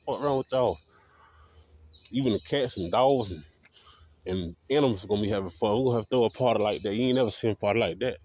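A man's voice: on the low side, darkish tone, dull audio. A man delivering a profane, defiant, repetitive rant to camera as a video blogger. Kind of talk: ranting monologue to camera.

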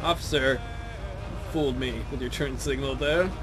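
A man's voice: mid-range voice, steady tone, measured pace, music in the background. A young man commenting on his video game, joking and talking to the characters on screen. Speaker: let's play gamer.

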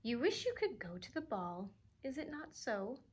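A woman reading aloud and voicing a kindly fairy godmother who speaks in a calm, soothing, motherly way. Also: on the high side, normal speed, breathy edge. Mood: gentle.

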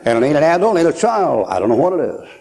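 A man's voice: a little high, big pitch swings, very fast, creaky, dark tone. A man in his sixties preaching a folksy sermon at a conference, joking and laughing as he tells stories.

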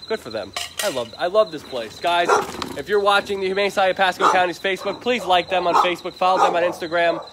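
A man's voice: high-pitched, fast talker, very noisy. A man from Florida chatting on a live stream outdoors at an animal shelter at night, upbeat and repeating himself, with crickets and barking dogs behind. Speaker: livestreaming animal shelter advocate. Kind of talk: casual live-stream chat.

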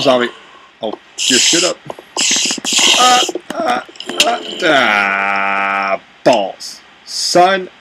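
A young man giving let's play commentary, excitable and swearing, talking back to game characters. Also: medium pitch, gravelly, heavy background noise. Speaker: gamer.

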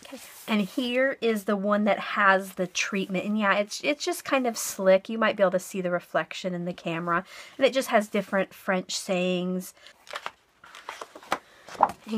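A woman's voice: medium pitch, fairly bright tone, a little hiss or hum. A woman, likely middle-aged, chatting casually to her viewers as she shows and describes craft purchases. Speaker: craft vlogger. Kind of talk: casual haul and flip-through narration.

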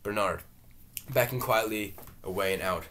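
Brief: a man with a low voice reading stage directions, steady and plain. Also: moderate pace. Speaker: reader. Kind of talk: dramatic play reading.

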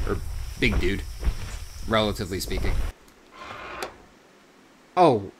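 A man's voice: lowish voice, expressive, normal speed, background noise. A man from South Jersey giving casual, rambling gameplay commentary as a YouTuber, swearing often and saying "you know" constantly. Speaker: gaming YouTuber.

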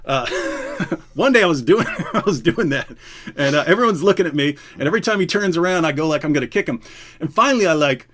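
Male host, slightly high voice, loose story-telling chat, laughs as he goes. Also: fairly quick, slight background noise. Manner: laughing, animated storyteller with many restarts. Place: indoors, live stream.

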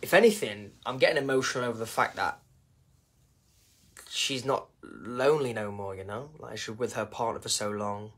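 A man's voice: medium pitch, a bit bright, breathy edge. A man from England with an English accent, talking casually and emotionally on a live stream, rambling and repeating himself.

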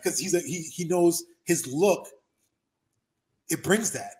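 A man's voice: fairly high pitch, slow pace, long pauses. A man talking as an interview guest, telling stories emphatically and repeating himself for effect. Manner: emphatic, animated storytelling with repeated phrases. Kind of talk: casual interview talk.

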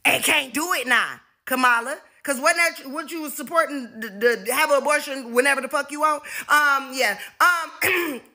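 A woman's voice: high-pitched, normal speed, few pauses, sharp tone. A woman delivering a sassy, profane comedic rant.

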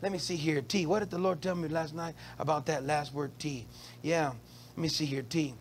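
A man preaching in a church with a notably high, gravelly voice, drawing the congregation in with call-and-response cues. He stumbles over and repeats words as he builds his points, and a faint hiss sits under his speech. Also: fairly even intonation, normal speed. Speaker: pastor. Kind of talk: sermon.

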